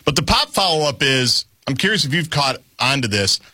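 A man's voice: medium pitch, expressive, a little fast, pushed and bright, no echo. A man co-hosting a sports talk show in a casual, wry conversational way.

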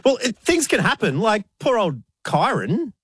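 A man's voice: sits high, huge pitch swings, normal speed, a bit bright, slightly rough, no echo, studio quality. A man, co-hosting casual banter, telling wry stories and mimicking others. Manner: wry storytelling, mock voices in quotes. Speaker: radio co-host.

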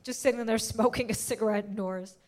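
A woman from the United States doing stand-up, brash and punchy, laughing through her jokes. Her voice sits high. She drives each bit hard. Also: fairly even intonation, brisk, darkish tone. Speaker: stand-up comedian. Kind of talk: stand-up comedy.

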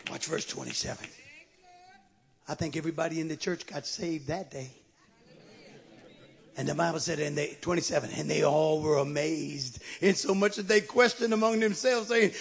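A male pastor preaching a sermon with call-and-response, building to shouts. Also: a little high, moderate pace, creaky, slightly rough.

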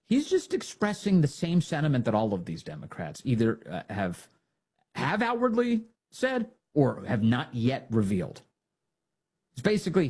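A man's voice: mid-range voice, huge pitch swings, normal speed, darkish tone, slightly rough. A man hosting a political talk show, delivering an opinionated monologue full of sarcasm and mocking impressions of the people he talks about. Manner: sarcastic, mocking, acts out quoted voices. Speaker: political commentary host.

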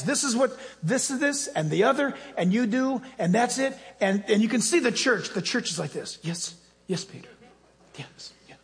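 A male pastor preaching with energy and a folksy, plainspoken manner. His voice sits very high and keeps turning to the listeners with direct appeals. Every phrase rings out into the long reverb of a church hall. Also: fairly bright tone. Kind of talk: sermon.

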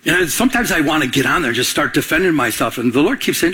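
Husky, higher-voiced male pastor preaching. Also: fast talker, hardly any pauses, sharp tone, low-quality recording. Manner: storytelling with call-and-response questions. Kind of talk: sermon.

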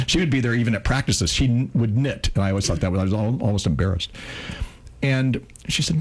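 A man in his sixties co-hosting a radio show, telling a heartfelt personal story in an earnest, emotional way, slowing down on key words. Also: mid-range voice.

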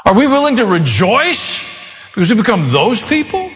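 Male pastor mid-sermon, high and swooping voice, long hall reverb. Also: wildly swooping pitch, moderate pace. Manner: preaching, with sudden rises and quiet asides.

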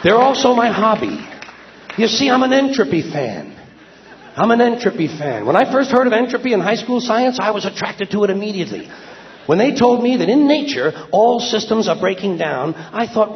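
Sardonic stand-up man, high lively voice, slightly dull lo-fi sound. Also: normal speed. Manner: wry, conversational, sardonic. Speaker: stand-up comedian. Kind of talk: stand-up monologue. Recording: dull lo-fi with faint ambience.

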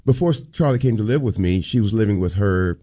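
A man's voice: fairly low pitch, animated, fairly quick, mellow. Earnest man telling a heartfelt story. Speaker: radio show co-host. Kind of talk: casual on-air storytelling.

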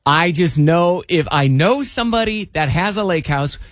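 A man's voice: on the high side, normal speed, no room sound, studio quality. A man hosting a radio show, chatting casually and teasing his co-host. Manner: lively, teasing. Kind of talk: casual on-air banter.

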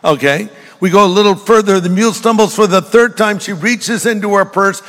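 With faint music behind him and a big hall's lingering reverb around him, an older man preaches a sermon, cracking jokes, telling stories, and speaking directly to the congregation. His voice is high, slightly bright, and a little fast.

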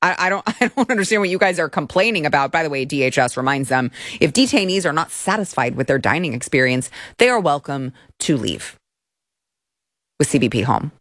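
A woman's voice: low-pitched, animated, a little fast, a bit bright, no echo, clean studio sound. A woman hosting an opinion show, talking with sarcasm and indignation, sometimes mocking people in put-on voices. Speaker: commentary show host. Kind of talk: opinionated political commentary.

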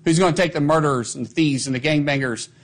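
A fairly high-voiced man gives a press statement as a government spokesperson. He makes his points insistently and asks rhetorical questions. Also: fast talker.

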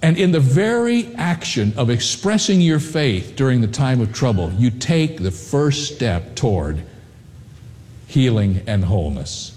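Earnest preacher in a reverberant hall. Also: male voice, medium pitch, sing-song, darkish tone. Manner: earnest storytelling, slowing for emphasis. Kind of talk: sermon.

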